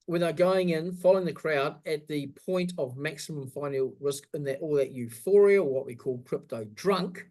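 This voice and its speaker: Aussie guy, kinda high voice, animated, tells stories, swears a bit. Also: a little fast, hardly any pauses. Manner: animated storyteller who swears and acts out voices. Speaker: host. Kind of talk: casual chat.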